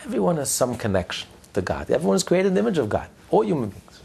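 Brief: male religious teacher, gravelly husky voice, emphatic sermon delivery stacking lists of words. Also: on the high side, big pitch swings, quick pace, darkish tone. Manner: emphatic, builds points through repeated lists; tells a joke story mid-lesson.

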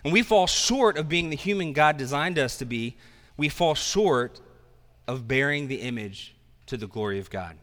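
A man's voice: fairly high pitch, expressive, normal speed, a bit bright, in a large hall. A man preaching a sermon as pastor, talking in a conversational way with self-deprecating asides.

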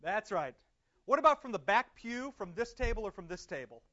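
Friendly, affirming man leading a church study group; conversational and quick to laugh, higher voice, dull lo-fi recording. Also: sing-song, sharp tone. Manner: chatty and affirming, laughs often. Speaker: church discussion leader. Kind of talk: casual group teaching.

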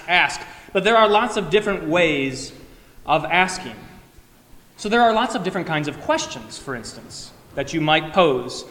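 A man's voice: a little high, fairly bright tone. Man preaching in an echoey church. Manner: conversational preaching, acts out everyday questions. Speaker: pastor. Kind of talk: sermon. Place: church sanctuary. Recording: echoey hall, long reverb.

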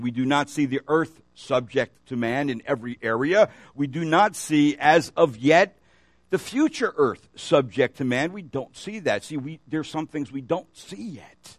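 A man's voice: fairly high pitch, no echo. A man preaching a sermon as pastor, reading scripture aloud and asking the congregation questions as he goes. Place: church.

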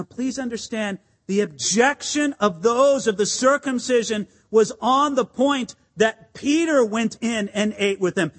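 Guy pastor preaching a bible sermon, animated and chatty, emphatic, high voice. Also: big-room sound. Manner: animated, conversational, emphatic, with asides to the congregation. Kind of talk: expository sermon.

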